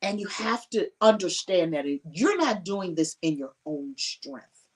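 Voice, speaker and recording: A woman's voice: fairly low pitch, lively intonation, unhurried. Emotional woman, slightly distant mic. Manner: earnest and emotional, often laughs. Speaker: conference panelist. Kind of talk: personal testimony at a panel.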